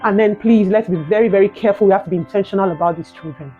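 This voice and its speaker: A young adult woman with a Nigerian accent, telling a personal story in a vlog, animated and emotional, ending in prayerful encouragement. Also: mid-range voice, rapid-fire, lo-fi sound, soft background music. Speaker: vlogger.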